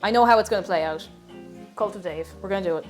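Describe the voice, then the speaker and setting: A woman from Ireland, with an Irish accent, cooks on a live stream and chats casually with viewers, laughing often and thanking them by name. Her mid-range voice is fast and heard over music.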